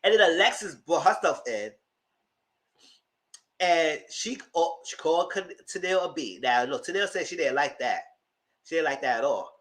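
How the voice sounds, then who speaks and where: A man's voice: fairly high pitch, lively intonation, normal speed, a bit bright. A man recapping a reality TV show in casual, gossipy commentary, talking dramatically to his viewers. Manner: gossipy and dramatic, talks to the audience as "girl". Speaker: TV recap vlogger.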